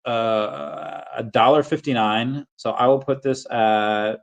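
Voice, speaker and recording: A man's voice: mid-range voice, fairly even intonation, takes it slowly, creaky, dull audio. A man hosting a casual livestream, answering chat questions in a rambling, self-correcting way.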